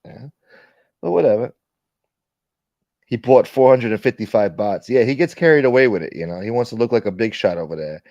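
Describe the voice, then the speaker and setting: A man's voice: medium pitch, animated, a little fast, pauses often, warm tone, dry recording, dull audio. A man hosting a casual livestream, reading viewer comments aloud and telling stories in a profane, rambling way. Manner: profane, rambling, reads chat aloud, acts out quoted friends. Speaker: livestream host.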